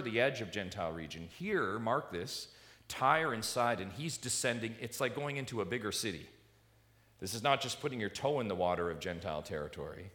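A man's voice: on the low side, fairly bright tone. A man preaching an expository sermon, stressing points and putting rhetorical questions to his congregation. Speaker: pastor.

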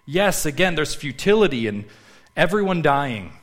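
Lower-voiced man preaching a sermon. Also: animated, unhurried. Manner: preaching with wide swings between loud emphasis and hushed low asides; addresses listeners directly with rhetorical questions. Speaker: pastor.

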